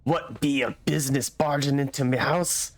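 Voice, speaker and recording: A man's voice: mid-range voice, fairly even intonation, normal speed, dry recording, pitched above the performer's own voice, natural voice. A man doing a snarling furious commoner. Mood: enraged. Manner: snarling, shouting threats in rough dialect. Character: furious haunted old-world man, hostile.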